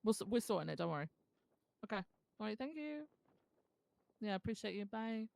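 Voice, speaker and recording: A woman's voice: mid-range voice, sing-song, a little fast, gravelly, darkish tone, dry recording. A woman playing a police officer in a role-play, talking in a reassuring way and often repeating herself. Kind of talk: casual role-play chat.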